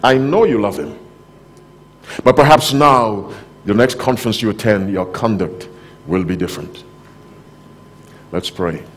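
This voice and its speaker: A male pastor delivering a sermon to a conference audience in a hall. He speaks directly and firmly, stopping to put questions to the crowd. He moves from loud, emphatic phrases to quiet, low asides. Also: a little slow, long pauses, a little hiss or hum.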